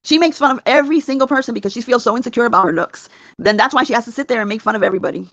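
A woman's voice: a little high, rapid-fire, a bit bright, dry recording. A woman hosting a livestream who agrees and chimes in with short jabs while reading viewer comments. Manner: agreeing, egging on, short replies. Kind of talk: casual livestream chat. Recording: dull, slightly lo-fi audio.

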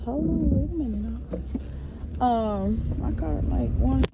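A young woman chatting casually to viewers from her car, a little short of breath from an illness, telling animated stories. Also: sits high, a little slow, creaky. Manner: chatty, animated storytelling, addresses viewers as y'all. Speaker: vlogger who works with schoolchildren. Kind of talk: casual chat to camera. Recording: dull sound with loud car noise.

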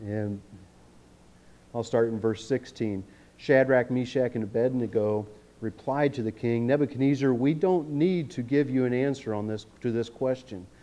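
A man giving a sermon in a church, reading scripture and explaining it in a relaxed, joking way, often checking in with the congregation. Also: mid-range voice, normal speed, dull audio. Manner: conversational, jokey, often checks in with "okay?". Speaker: guest preacher. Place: church sanctuary.

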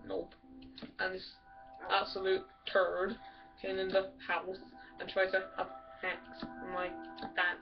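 A woman rambling crudely and giggling through game commentary. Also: mid-range voice. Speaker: gamer. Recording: distant dull mic with music.

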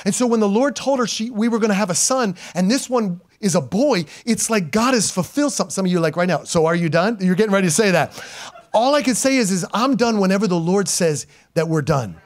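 Speaking fast and pitched high, this forties-aged pastor delivers an animated, emphatic sermon to his flock in the church sanctuary. His delivery shifts from booming appeals to quiet stories, with moments of self-directed laughter.

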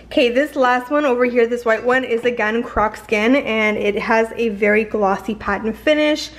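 Gushing chatty young woman, bright pitch. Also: moderate pace. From Canada. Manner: gushing, chatty, lots of fillers. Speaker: fashion haul vlogger. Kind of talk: casual haul vlog chat.

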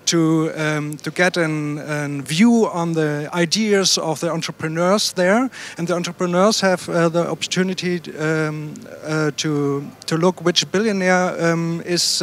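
Halting, fairly high-voiced man. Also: fairly even intonation, a bit bright, a little hiss or hum. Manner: halting, many fillers and restarts.

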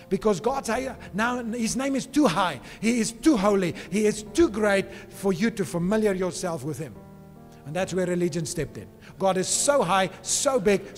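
A pastor preaching a sermon with emphasis, often checking in with his congregation by asking "okay?". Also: high-pitched. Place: church. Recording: reverberant church hall with faint music.

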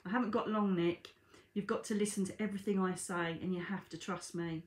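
A woman's voice: fairly low pitch, steady tone, fairly quick, lightly acted. Woman voicing a dead father's earnest spirit. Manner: earnest, urgent pleading. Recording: echoey room.

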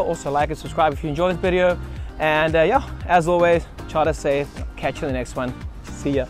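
A man hosting a casual yacht tour vlog, enthusiastic and loose, with fillers and praise words on board a yacht. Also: fairly high pitch. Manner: loose, many fillers and restarts. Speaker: yacht charter vlogger host.

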